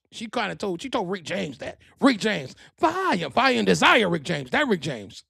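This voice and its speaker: A man hosting a podcast, telling gossip stories in a profane, rambling, animated way. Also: high-pitched, moderate pace, gravelly, hardly any pauses, breathy edge, no echo, studio quality. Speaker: podcast host. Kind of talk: casual storytelling monologue.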